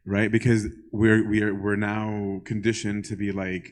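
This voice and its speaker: A young male priest answers questions from a congregation in a casual Q&A, keeps asking "right?" and acts out little dialogues. His fairly low voice has little pitch movement and a measured pace, on a rough recording with slight background noise.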